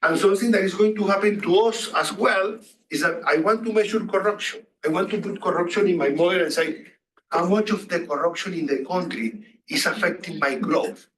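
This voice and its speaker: High-voiced male lecturer, distant and echoey. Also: a little fast, a bit bright. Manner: questions the students, repeats phrases. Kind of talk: classroom lecture. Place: classroom. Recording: echoey distant room recording.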